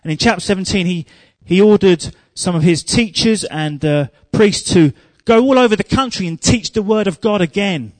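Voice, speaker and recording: A man preaching a sermon, telling humorous stories and growing loud and emphatic. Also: sits high, normal speed, few pauses, no echo.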